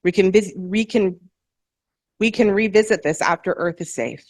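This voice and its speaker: A woman's voice: medium pitch, normal speed, a little mellow, no echo, studio quality, natural voice. A woman voicing a smirking, self-assured woman thousands of years old who wields fire, reading her lines in a novel. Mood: defiant. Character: defiant ancient woman with fire powers.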